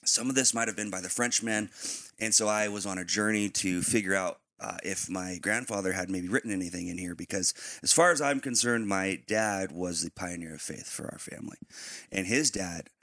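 A man co-hosting a faith podcast in casual chat, slightly raspy in the morning, rambling and informal. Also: sits low, brisk, bright, forceful tone, no room sound. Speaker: podcast co-host.

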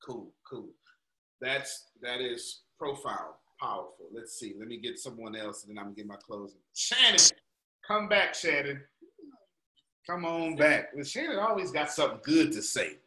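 A man's voice: mid-range voice, pushed and bright. Man, motivational coach, emphatic, colloquial, echoey room. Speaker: motivational coach leading a group call. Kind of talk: motivational teaching on a call.

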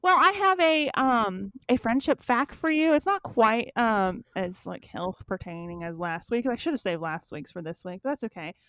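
Woman in her thirties, higher voice, dry close sound; rambling, self-deprecating co-host in casual chat. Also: lively intonation, moderate pace, few pauses, a bit bright, no room sound. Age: 30s. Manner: rambling, self-mocking, laughs often. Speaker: podcast co-host. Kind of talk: casual chat between friends.

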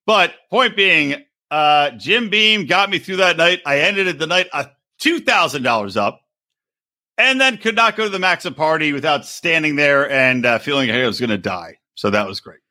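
A man chatting on a podcast with a bright, forceful voice and a lot of swing in his pitch. He rants with plenty of profanity and sits a little higher than most men. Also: normal speed. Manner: animated, profane ranting. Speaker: podcast co-host. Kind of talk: casual chat.

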